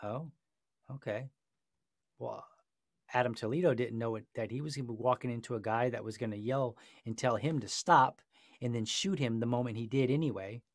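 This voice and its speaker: A male podcast host tells a story with passion and a sarcastic edge. His mid-pitched voice sits dry and close, with no room sound. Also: fast, no echo. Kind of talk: casual discussion.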